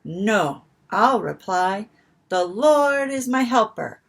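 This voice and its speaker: A woman's voice: mid-range voice, sing-song, slow, vocal fry, heavily acted. A woman voicing a small, sleepy, frightened little girl who grows earnest and brave.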